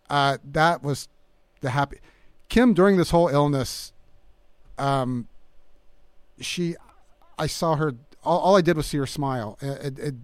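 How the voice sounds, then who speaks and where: Middle-aged male guest, halting and soft-spoken, smooth resonant voice, dry recording. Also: medium pitch, dry recording. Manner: halting, many restarts and fillers, soft-spoken. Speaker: guest musician. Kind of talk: casual interview chat.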